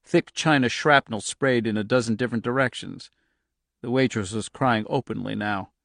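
A man's voice: medium pitch, normal speed, gravelly, fairly bright tone, dry recording. Man narrating an audiobook, dry sound. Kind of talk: scripted narration.

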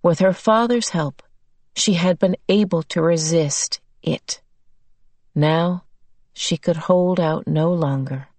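A woman narrates a novel at a measured, unhurried pace. Her voice sits slightly low. The sound is dry and close. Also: a little mellow, dry recording. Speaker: audiobook narrator. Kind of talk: scripted narration.

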